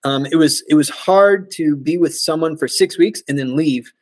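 An American man in his forties, a podcast guest telling lively stories, laughing often and mimicking voices. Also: fairly high pitch, normal speed, dry recording. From United States. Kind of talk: casual storytelling interview.

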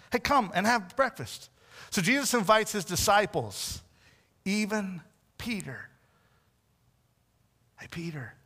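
A man delivers a sermon in a fairly high voice, taking on the voices he quotes as he retells the story. He often sinks into soft, hushed tones. His voice trails into a long reverb. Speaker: preacher.

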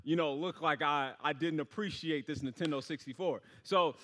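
A man's voice: fairly high pitch, moderate pace, fairly bright tone, in a large hall. A young adult man preaching a storytelling sermon in a casual, rambling way, full of fillers.

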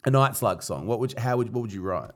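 Guy, podcast host, mid-pitched, animated storytelling, swears a lot. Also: quick pace. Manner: animated storyteller, sweary, laughing through anecdotes. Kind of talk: casual podcast chat.

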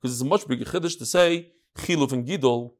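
A middle-aged man giving an informal Talmud lesson, explaining step by step with quick asides. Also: medium pitch. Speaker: Talmud class teacher.

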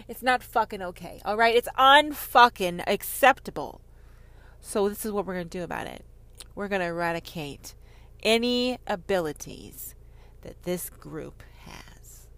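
A woman giving a heated monologue on faith, sarcastic and profane, swinging from loud outbursts to whispers. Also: lowish voice. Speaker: online Christian commentator.

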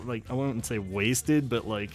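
A man's voice: mid-range voice, a little slow. A man in his thirties co-hosting a podcast, chatting casually and rambling, laughing often and swearing freely. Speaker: podcast co-host. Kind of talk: casual chat.

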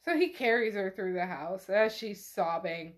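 A woman's voice: mid-range voice, animated, moderate pace. A woman hosting a podcast, retelling a novel in a casual, chatty way, full of "like" and swearing. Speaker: podcast host. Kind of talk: casual book recap chat.

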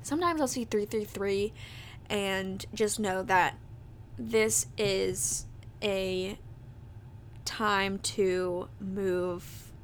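A woman's voice: medium pitch, extremely slow, a little hiss or hum. A young adult woman hosting a podcast, telling a personal story in a chatty, casual way, full of fillers. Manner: chatty, leans on fillers like "like" and "that type of deal". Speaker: podcast host.

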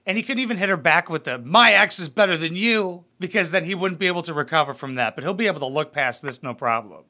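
A man's voice: on the high side, racing. A young man giving crude, mocking comedic commentary on reality TV clips. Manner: mocking, profane, animated. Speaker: reaction commentator.

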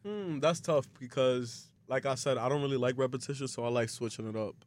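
A man's voice: mid-range voice, a little fast, a little mellow. A young man from the New York area, a podcast guest who talks in a laid-back, frank way full of slang. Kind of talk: casual chat.

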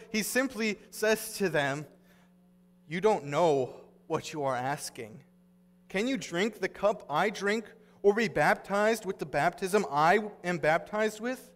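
A man's voice: high-pitched, fairly bright tone, long reverb tail. A man pastor giving a sermon, earnest and conversational as he retells scripture in everyday words.

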